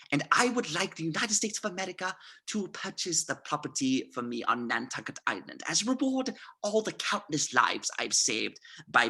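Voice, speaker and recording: In an amateur script reading, a performer gives a full character voice to a cunning, smooth-talking male SS colonel, sounding theatrical, mock-polite and demanding. The mid-range voice swings between hushed and loud.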